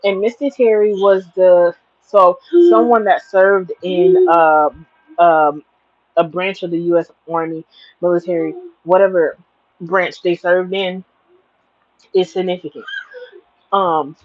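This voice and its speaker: A woman's voice: lowish voice, fairly even intonation, slow pace, pauses often, no echo. Woman tarot reader, preachy and emphatic, on a livestream; dry, muffled lo-fi audio. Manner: emphatic, preachy, plain-spoken. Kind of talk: spiritual livestream reading.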